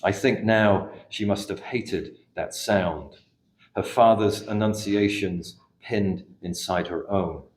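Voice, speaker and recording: A middle-aged man from England, a poet reading his poems in a café with an unhurried, measured delivery and hesitant spoken asides between them. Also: lowish voice, slight background noise. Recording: echoey room recording.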